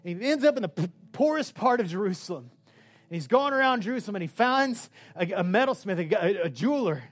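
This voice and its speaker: High-voiced impassioned male preacher. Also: expressive, fast, faint music behind. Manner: impassioned, swinging from shouts to hushed tones. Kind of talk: sermon.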